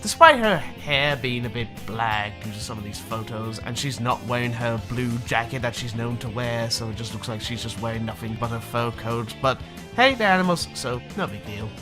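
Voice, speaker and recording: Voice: medium pitch, expressive, moderate pace, over music. A video reviewer giving casual, opinionated, sarcastic commentary.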